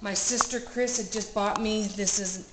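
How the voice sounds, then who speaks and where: A woman vlogger in a cabin room, telling a personal story in an animated, breathless way and repeating phrases for emphasis. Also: medium pitch, moderate pace. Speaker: vlogger recounting an experience. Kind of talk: casual storytelling. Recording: roomy room with clear background noise.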